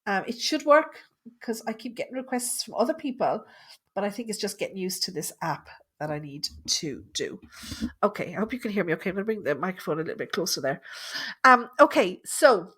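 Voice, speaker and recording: A woman's voice: medium pitch, big pitch swings, brisk, fairly bright tone, breathy edge. A woman working as a medium, talking through a live reading with a caller in a chatty, reassuring way full of fillers. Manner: chatty, reassuring, thinks aloud with many fillers.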